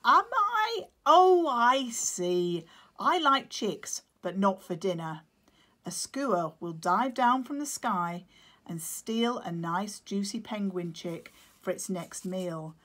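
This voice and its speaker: A woman's voice: mid-range voice, animated, takes it slowly, fairly bright tone. A woman reading a story aloud, voicing a fussy, protective father penguin who scolds and explains.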